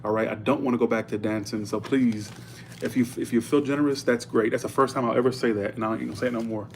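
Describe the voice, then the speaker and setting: A man speaking at an everyday middle pitch, reading tarot on a casual livestream. He talks in a loose, chatty way and says things bluntly, and a faint hum sits under his voice. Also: steady tone, fast, a little mellow. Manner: chatty and blunt, thanking viewers for tips. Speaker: tarot reader.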